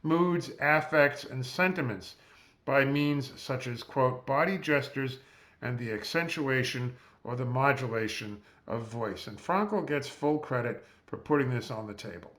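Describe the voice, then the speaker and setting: Measured male physician lecturing. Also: medium pitch, fairly bright tone. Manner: measured, explanatory, spells out terms. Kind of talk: recorded lecture over slides. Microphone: close mic, seated.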